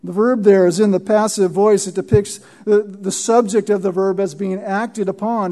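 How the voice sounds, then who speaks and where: A man preaching an expository sermon, teaching verse by verse, often pausing to ask "Right?" and repeating words for emphasis. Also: high voice, fairly even intonation, dark tone. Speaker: pastor.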